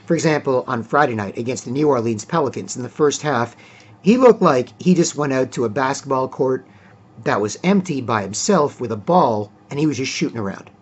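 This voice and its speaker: A man giving casual solo sports commentary, rambling with frequent fillers and clearing his throat often. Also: medium pitch, lively intonation, fairly quick, lo-fi sound.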